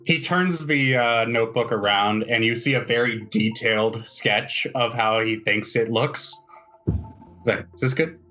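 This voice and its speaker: Bright-voiced male game master. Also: medium pitch, unhurried, faint music behind. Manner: relaxed, descriptive storytelling. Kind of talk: narrating a tabletop game.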